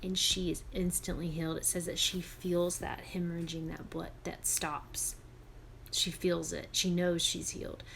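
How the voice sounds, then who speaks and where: A woman teaching other women, retelling a Bible story in an animated, emphatic, chatty way. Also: on the low side, moderate pace, hardly any pauses, slight background noise.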